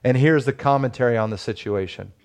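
A man's voice: medium pitch, a little fast, smooth. A man in his thirties preaching a sermon as pastor, with rising emphasis and frequent rhetorical questions.

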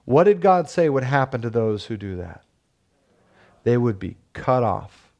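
A man's voice: mid-range voice, sing-song, unhurried, a little mellow, dull audio. A man in his thirties preaching a sermon as pastor, with rising emphasis and frequent rhetorical questions.

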